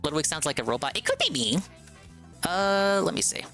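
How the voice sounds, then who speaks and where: A man hosting a casual live stream, excitable and rambling, with lots of fillers and restarts. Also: a little high, a little fast, soft background music.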